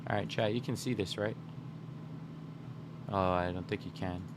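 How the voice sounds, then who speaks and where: A man's voice: fairly low pitch, steady tone, moderate pace, noisy background. A young man streaming, rambling and joking as he talks to his chat. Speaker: game streamer. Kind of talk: casual livestream chat.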